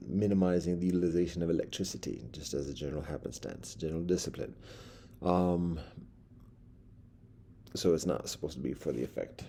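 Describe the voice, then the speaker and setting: A man's voice: extremely low pitch, dark tone, a little hiss or hum. A man telling a rambling story in a dim candlelit room, wordy and full of fillers and restarts.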